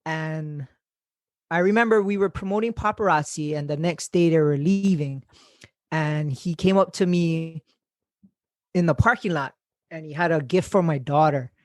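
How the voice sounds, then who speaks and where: A young man hosting a podcast, telling stories in a casual, animated way, swearing and laughing as he quotes people. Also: on the high side, moderate pace, dry recording, studio quality. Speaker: podcast host. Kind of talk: casual storytelling chat.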